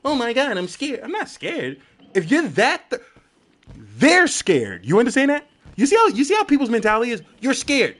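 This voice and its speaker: Give me a male streamer with a high-pitched, swooping voice, ranting hard at his chat. He is animated and crude, and his tone climbs and dips all the time. He is a young adult talking casually over his gameplay. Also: moderate pace. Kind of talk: live-stream gaming commentary.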